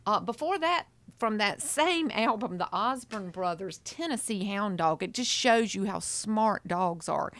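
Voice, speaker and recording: A woman's voice: medium pitch, no echo. A woman college radio DJ in casual, chatty patter, talking straight to her listeners from a student station studio.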